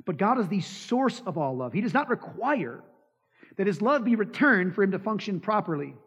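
A man's voice: high-pitched, big pitch swings, moderate pace, fairly bright tone, husky. A man preaching a sermon, emphatic, asking the congregation rhetorical questions and acting out quoted lines. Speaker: pastor. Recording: dull lo-fi sound with long hall reverb.

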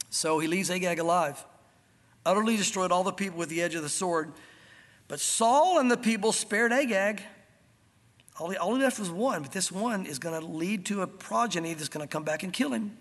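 A man with a high-pitched voice preaches an animated sermon, explaining scripture and playing out the characters with lively delivery. His voice rings with the long reverb of a large church hall. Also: normal speed. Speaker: pastor. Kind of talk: expository sermon.

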